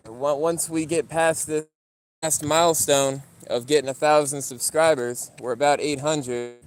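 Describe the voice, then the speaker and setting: A man's voice: a little slow, smooth. Casual young man streaming outdoors. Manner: animated storyteller, voice climbing high when retelling arguments. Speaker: YouTuber streaming live to chat. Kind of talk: casual livestream chat while walking a dog. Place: outdoors in a yard.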